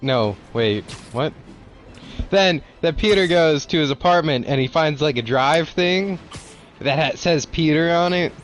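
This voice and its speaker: A man's voice: on the high side, animated, unhurried, soft background music. A man casually recapping a show as a podcast co-host, rambling and repeating his words, with some swearing.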